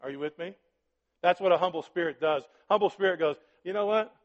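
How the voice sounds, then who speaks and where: Talking fast in a fairly high voice, this pastor gives his sermon like a conversation, repeatedly asking listeners "right?" and "are you with me?" The recording sounds dull, with lengthy reverb from the hall.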